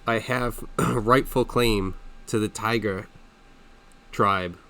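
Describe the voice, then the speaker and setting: A young tiger-tribe barbarian makes earnest declarations in slow, halting phrases, voiced by a man. The voice is low, bright and smooth. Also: fairly even intonation.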